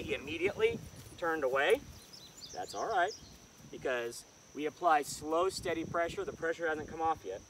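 Man, dog trainer, outdoor lesson, calm explaining, lively pitch, distant mic, insect noise. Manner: calm explaining, sharp short commands to the dog. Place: outdoors in the countryside.

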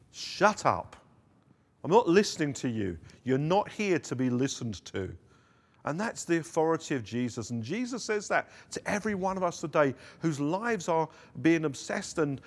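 Man, pastor, sermon, earnest, emphatic, mid-pitched. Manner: earnest preaching, rising emphasis on quotes. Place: church service streamed online.

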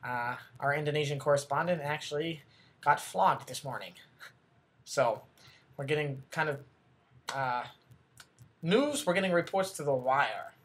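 Comedy sketch: a man as a self-important, bumbling male news anchor, voice on the high side, rambling and flustered. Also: measured pace, long pauses, natural voice. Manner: rambling, flustered, corrects himself, talks back off-camera.

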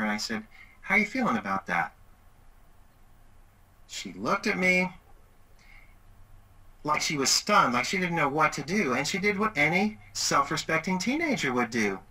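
Animated man with a bright voice. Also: a little high, normal speed, low-quality recording. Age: middle-aged. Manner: animated, acts out quoted voices. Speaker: webinar presenter. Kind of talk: storytelling presentation.

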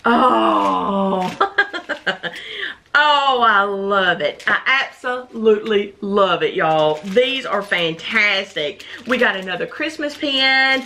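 A woman's voice: medium pitch, a little slow, hardly any pauses. Gushing woman host unboxing collectible pins. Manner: gushing and excited, exclaiming often. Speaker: channel host. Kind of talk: unboxing haul video.

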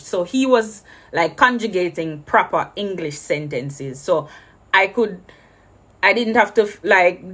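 Jamaican woman telling a lively story. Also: on the low side. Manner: slips between English and patois, acts out every exchange. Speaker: travel vlogger. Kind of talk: animated storytelling.

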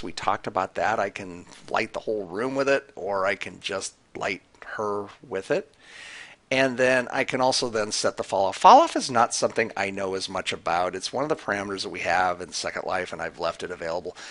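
Gravelly-voiced man walking through a tutorial. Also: lowish voice, a bit bright. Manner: casual, talks through clicks with fillers. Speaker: tutorial presenter. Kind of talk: screen-recorded software tutorial.

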